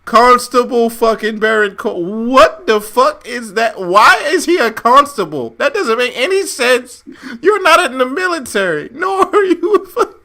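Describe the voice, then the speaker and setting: A man co-hosting a casual wrestling podcast, animated and profane, often laughing as he rants. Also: very high voice, measured pace. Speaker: podcast co-host.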